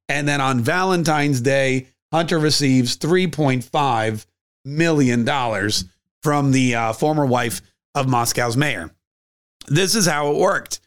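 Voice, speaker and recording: A man hosting a podcast, giving a sarcastic, conversational political commentary monologue. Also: a little high. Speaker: podcast host.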